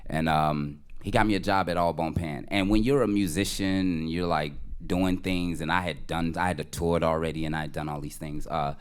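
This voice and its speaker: A man with a very low voice talks in an easygoing, slangy way, drifting through a story full of fillers and restarts. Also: fairly even intonation, moderate pace, few pauses, smooth. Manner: laid-back, slangy, rambling. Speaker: music director. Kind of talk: casual chat.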